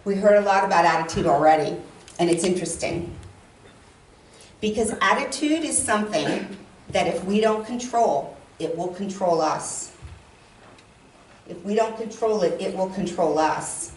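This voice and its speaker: A woman giving a talk on stage, animated, and acting out quoted lines with emphasis. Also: mid-range voice, normal speed, pauses often, a little hiss or hum. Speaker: speaker. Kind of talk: public talk. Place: stage in a large hall. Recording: roomy hall sound from a distance, faint ambience.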